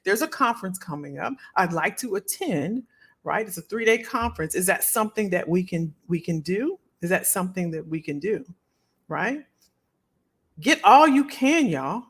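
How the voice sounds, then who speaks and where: A woman's voice: fairly low pitch, animated, normal speed, breathy edge. A middle-aged woman, hosting a live stream as a career coach and talking to viewers in a folksy, heartfelt way. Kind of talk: emotional livestream chat with viewers.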